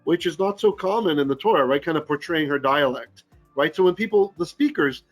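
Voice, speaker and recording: A man's voice: fairly high pitch, animated, brisk, faint music behind. A man teaching a Torah lesson, reading Hebrew verses aloud and then translating and explaining them as he thinks them through. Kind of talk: Bible study lesson.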